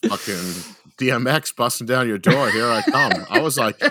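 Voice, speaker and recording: A young man tells a story in loose, casual talk, dropping swear words constantly and putting on the voices of the people in it. His voice is bright and forceful, sitting at an ordinary pitch for a man. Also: moderate pace. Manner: animated, heavy swearing, acts out quotes. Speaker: podcast co-host telling a story.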